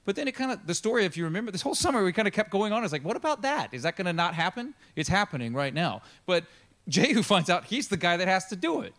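A pastor telling a Bible story in a casual, chatty sermon. He is animated and acts out the characters in the story. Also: high-pitched, fast. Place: church.

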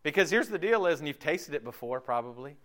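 A man's voice: a little high, animated, quick pace, a bit bright. A man preaching a sermon in a casual, conversational way, peppering his points with rhetorical questions and acting out quoted voices. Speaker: pastor.

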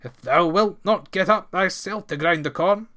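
Storybook hero, young, fearless, stern, man doing it pitched up and punchy. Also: normal speed, pushed and bright. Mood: insistent. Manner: old-fashioned thee-and-thou speech, stern. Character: bold hot-tempered young Highland lad.

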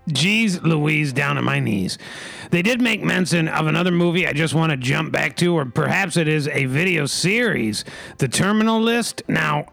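A man hosting a comedy podcast, reading news in a mock-formal, deadpan way with crude asides. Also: fairly high pitch, vocal fry. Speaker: host reading news items.

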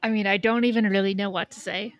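A woman's voice: medium pitch, steady tone, quick pace, dry recording. A woman co-hosting a podcast in casual chat, amused and laughing easily. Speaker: podcast co-host.

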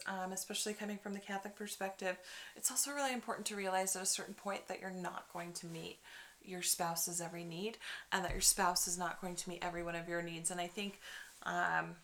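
A woman with a bright, clear voice adds her reflections as a podcast co-host. She speaks in a considered, encouraging manner, sprinkling in small fillers as she builds her point. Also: medium pitch. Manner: reflective, encouraging, frequent affirming murmurs. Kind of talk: casual conversational podcast.

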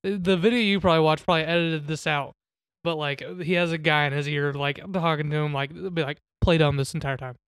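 A man with a smooth, fairly high voice chatting on a podcast, recorded dry and close. He keeps his replies short and laid back, with flat asides. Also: fairly quick, dry recording. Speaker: podcast co-host. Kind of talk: casual chat.

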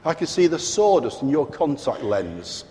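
A man's voice: on the high side, sing-song, moderate pace, dark tone, a little hiss or hum. A man with a British accent preaching a sermon, emphatic and fond of rhetorical questions to the congregation. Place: large church hall. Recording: long hall reverb.

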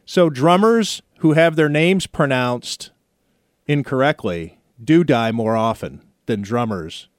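A man's voice: medium pitch, animated, takes it slowly, dry recording, studio quality. A man hosting a radio talk show, telling a story in a chatty, playfully indignant way. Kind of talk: casual studio banter.

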